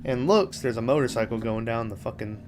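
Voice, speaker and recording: A man's voice: mid-range voice, fairly quick, darkish tone, a little hiss or hum. Casual profane man recapping a film. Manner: rambling, profane, laughs while retelling scenes. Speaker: podcast host.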